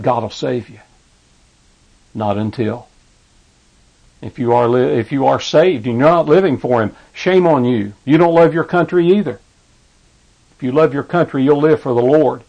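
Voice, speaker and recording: A man's voice: mid-range voice, creaky, darkish tone, highs cut off. A man preaching a fervent radio sermon with a repetitive, emphatic cadence.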